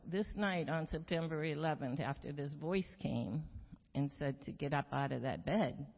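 Slow, gravelly older woman in a hall. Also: low-pitched. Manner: halting, slow, with many pauses, ums and repeated words. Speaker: churchgoer giving a personal testimony. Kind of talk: spoken personal testimony. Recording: echoey hall, muffled sound.

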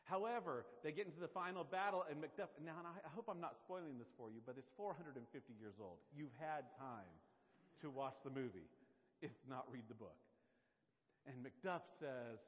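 Chatty preacher in an echoey hall. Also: male voice, fairly high pitch, expressive, fairly quick. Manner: conversational, jokey, addresses the audience. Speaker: pastor. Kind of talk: sermon. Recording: echoey hall, dull sound.

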